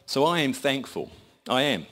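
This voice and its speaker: A man's voice: mid-range voice, very animated, normal speed, pushed and bright. A man preaching a sermon in a conversational, folksy storytelling manner.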